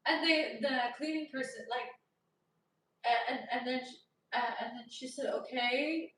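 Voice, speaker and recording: A young woman vlogger telling a story in a casual, animated way, loud and laughing often as she acts out the dialogue. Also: high-pitched, measured pace, distant mic, a little hiss or hum. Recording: echoey room, voice from off-mic.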